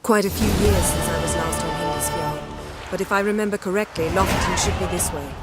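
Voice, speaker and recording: An actress voicing a proud, commanding sorceress in poised video game dialogue. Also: female voice, fairly low pitch, fairly quick, over loud music, natural voice, low-quality recording. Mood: cool. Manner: poised, imperious.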